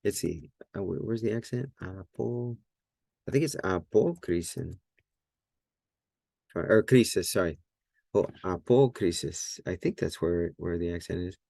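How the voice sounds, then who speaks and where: A man's voice: low-pitched, brisk, gravelly, a little mellow, dry recording, clean studio sound. A man teaching Greek at a whiteboard in a casual, thinking-aloud way, with many fillers and self-corrections.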